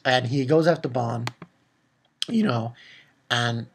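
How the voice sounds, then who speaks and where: A man giving a casual spoken review of a comic chapter, retelling it excitedly with swearing and lots of fillers. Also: medium pitch, takes it slowly, creaky, slight background noise. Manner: excitable, loose and profane, with many fillers. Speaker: manga reviewer.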